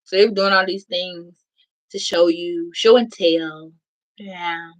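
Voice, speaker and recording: A woman's voice: on the low side, steady tone, takes it slowly, rough recording. Blunt, profane woman doing a tarot reading. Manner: blunt, profane, emphatic, addresses viewers directly. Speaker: tarot reader. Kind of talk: casual tarot reading to viewers.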